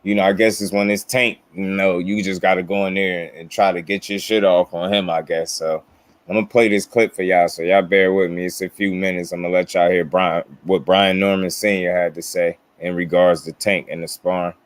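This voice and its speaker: A man hosting a boxing channel in a relaxed, unhurried way, calling out his viewers. His voice sits very low and barely moves in pitch. The sound is close and dry, with no room in it. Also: no room sound. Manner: laid-back, drawn-out talk with shout-outs to chatters. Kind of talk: casual commentary to viewers.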